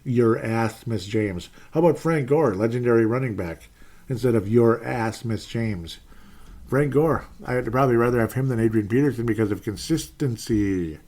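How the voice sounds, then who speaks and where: Rambling exasperated sports fan host. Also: male voice, mid-range voice, normal speed, darkish tone. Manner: rambling, self-deprecating, exasperated, trails into muttered asides. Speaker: podcast host reading chat comments. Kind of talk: casual live-stream sports rant.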